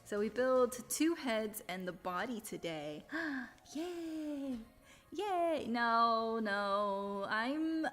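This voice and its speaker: Giggly woman streamer chatting casually. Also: on the high side. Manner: giggly, laughs between sentences; animated storyteller. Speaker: livestreamer. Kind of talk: casual live-stream chat.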